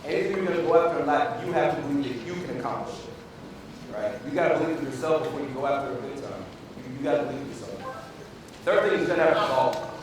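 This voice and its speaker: Male physician, motivational speaker, higher voice, quizzes the crowd, heard from far back in an echoey, noisy hall. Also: expressive, fast. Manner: call-and-response with the audience, repetitive and emphatic. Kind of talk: motivational speech. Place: large hall with a PA system.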